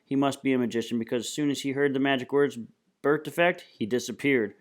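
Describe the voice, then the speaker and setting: A man's voice: medium pitch, fairly even intonation, quick pace, close to an everyday voice. A man reading as a taunting tough girl. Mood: sneering. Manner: taunting, sneering. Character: mocking, tough teenage girl.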